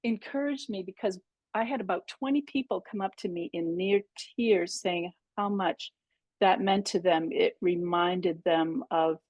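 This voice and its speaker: The lo-fi, dry recording captures a middle-aged pastel instructor speaking unhurriedly in a fairly low, slightly mellow voice. She leads a live online painting demonstration over a video call, chatting and thinking aloud as she works.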